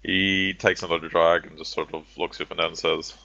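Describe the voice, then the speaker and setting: A man's voice: low voice, flat delivery, a little fast, vocal fry, pushed and bright, no echo. A man narrating a tabletop game as game master, casual and full of fillers. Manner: casual, many fillers like "sort of" and "you know". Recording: dull lo-fi dry recording.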